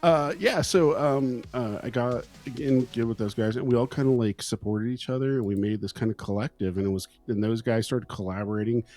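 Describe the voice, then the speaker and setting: A man's voice: mid-range voice, steady tone, brisk, hardly any pauses, a little mellow, faint music behind. A man from California, a guest musician in a casual interview, who tells laid-back stories, swears freely and acts out his own past thoughts.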